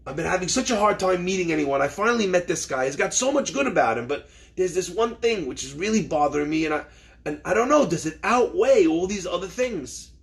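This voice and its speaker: A man's voice: high voice, lively intonation, a little fast. A man voicing a distressed orphaned young woman who urgently pleads for guidance. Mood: pleading.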